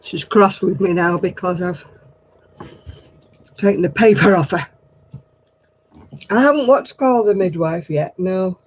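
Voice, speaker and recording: A woman's voice: lowish voice, unhurried, pauses often, rough recording. A woman hosting a casual live video chat, talking about knitting while coaxing and scolding a restless dog. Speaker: host of a live stream. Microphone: computer or phone on a video call.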